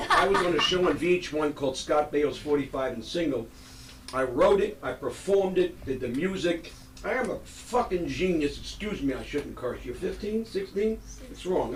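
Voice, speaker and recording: A man's voice: on the high side, slight background noise. Rambling, self-mocking male comic. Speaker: stand-up comedian. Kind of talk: self-deprecating stand-up. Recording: roomy live venue, distant mic.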